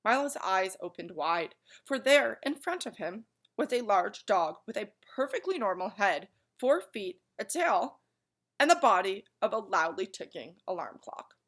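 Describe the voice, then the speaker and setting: A woman reading a children's chapter book aloud in an animated way, pausing for friendly asides to listeners. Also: medium pitch. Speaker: story reader.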